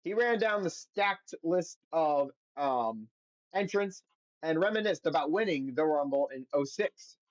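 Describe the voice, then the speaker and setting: A man's voice: on the high side, lively intonation, a little slow, no echo, muffled recording. A blunt, profane male podcast host. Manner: reads results aloud, then gives blunt, profane opinions. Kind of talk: casual wrestling recap.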